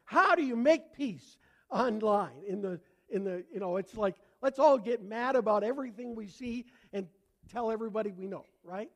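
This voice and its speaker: An older pastor with a Canadian accent delivers a sermon, his voice sitting high for a man. He talks conversationally, slipping in jokes and inviting the congregation to answer back. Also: normal speed. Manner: conversational, joking, asks congregation to respond. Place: church before a congregation.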